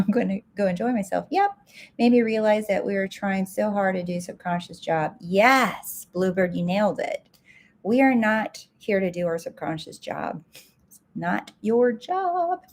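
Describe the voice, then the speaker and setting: A woman's voice: medium pitch, darkish tone. A woman success coach answering viewer comments live, direct and emphatic, repeating her key points.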